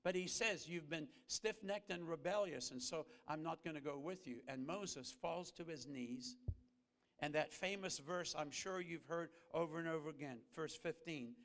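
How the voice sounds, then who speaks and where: A man preaching a sermon as a guest pastor, earnest, rising to emphatic peaks and then dropping low and slow. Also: fairly bright tone. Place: church sanctuary. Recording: reverberant church hall.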